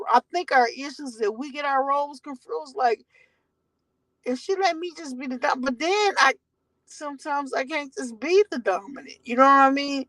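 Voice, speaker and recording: A woman's voice: sits high, a bit bright, dry recording, rough recording. A woman vlogging from her car, telling a rambling, profane story to her viewers.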